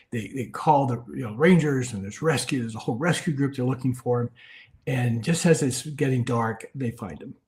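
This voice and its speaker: Man telling a story in an interview. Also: mid-range voice. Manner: animated storyteller, drops to a hushed tone for serious moments. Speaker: author being interviewed. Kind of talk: conversational storytelling.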